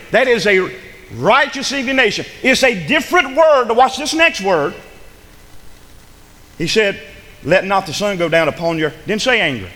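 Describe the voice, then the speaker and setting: Male pastor, high and animated, bright ringing tone, echoing sanctuary, fervent sermon. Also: moderate pace, pauses often. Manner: preaching with rising fervor, call-and-response amens. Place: church sanctuary. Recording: long hall reverb.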